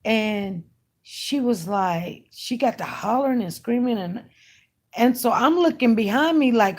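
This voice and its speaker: Woman, unhurried delivery, casual chat to viewers, emphatic storyteller. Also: a little high, animated, a little mellow. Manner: chatty, emphatic, talks straight to her audience. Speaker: online news commentator.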